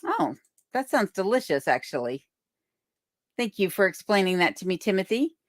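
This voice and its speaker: With a medium pitch and big swings in intonation, a woman talks at normal speed during a casual live chat from a remote home in Alaska. She reads comments aloud and thanks viewers chattily; the boom-arm desk mic sounds clean and echo-free, like a studio.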